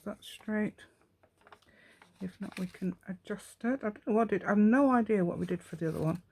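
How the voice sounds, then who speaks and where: A woman's voice: medium pitch, a little fast, darkish tone, a little hiss or hum. A woman hosting a casual craft tutorial. She thinks aloud and rambles chattily, talking to herself as she works. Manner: chatty, rambling, talks to herself while working. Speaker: craft channel host.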